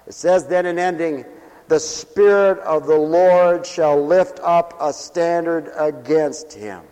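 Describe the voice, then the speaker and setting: A man preaching at a mission with a slightly high voice that rings out in a hall with a long echo. He talks in a folksy, direct way, asking his listeners questions, and moves between loud preaching and soft, close talk. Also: takes it slowly, smooth. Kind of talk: sermon.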